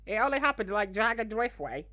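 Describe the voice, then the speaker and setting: A man's voice: high voice, big pitch swings, a little fast, bright, forceful tone, full character voice. A man voicing a cocky, greedy young male villain, chatting boastfully through in-character gameplay commentary. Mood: playful. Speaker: fan voice actor playing a character.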